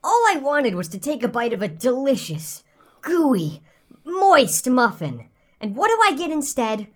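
A tiny, foul-mouthed male fae with a squeaky voice , put on by a woman reading a story. He rants and huffs with crude indignation, his pitch leaping high and low. The voice sits a little high for a woman's. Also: very animated, unhurried, exaggerated voice. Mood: ranting. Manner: crude, ranting, huffy.

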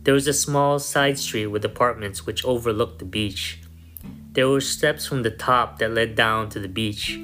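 A man narrating a first-person story in a measured, somber way. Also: medium pitch. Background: soft guitar music.

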